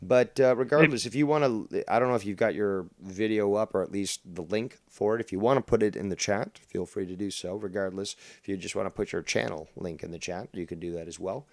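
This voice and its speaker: A man's voice: lowish voice, fairly quick, few pauses, darkish tone, dry recording. A man hosting a casual online show, sarcastic and profane, joking about the people he discusses. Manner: profane, sarcastic, laughs at insults. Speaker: host. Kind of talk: casual crude drama chat.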